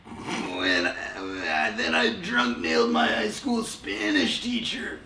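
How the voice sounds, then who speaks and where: A young man putting on a rambling old man voice, gravelly and drawn out. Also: high-pitched, wildly swooping pitch, slow, sharp tone, far from the mic, pitched above the performer's own voice, exaggerated voice. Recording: echoey room, off mic.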